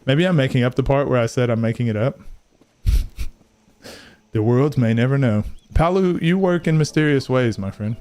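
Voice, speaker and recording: A man's voice: medium pitch, moderate pace, pauses often, a little mellow, clean tone. Young guy streamer, rambling and swearing, tired late-night banter with chat. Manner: rambling, joking, swears freely, reacts to chat. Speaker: gaming streamer. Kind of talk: casual live-stream chat.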